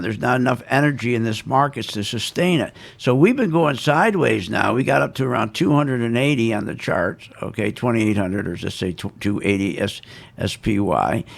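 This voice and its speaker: A man's voice: medium pitch, expressive, moderate pace, creaky. A man giving casual, emphatic and self-assured stock market commentary, repeating his points.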